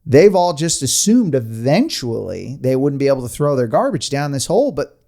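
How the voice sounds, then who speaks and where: A man hosting a podcast, spinning a creepy tale in loose, conversational storytelling. His voice sits at an ordinary middle pitch. He laughs often and drifts into rambling asides. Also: very animated, moderate pace, vocal fry, mellow. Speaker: podcast host. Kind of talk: casual storytelling chat.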